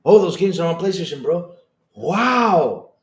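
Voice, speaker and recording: A man hosting a live stream, reading chat aloud and reacting with excitable disbelief and frequent laughter. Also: sits high. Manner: excitable, incredulous, laughing, rapid swings in loudness.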